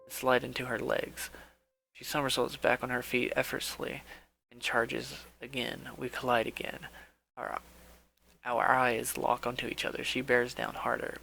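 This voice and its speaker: A man's voice: medium pitch, creaky, a little hiss or hum, poor audio. A man reading his own first-person story aloud, with slips and restarts, over background music. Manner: reads with slips and restarts, softly dramatic.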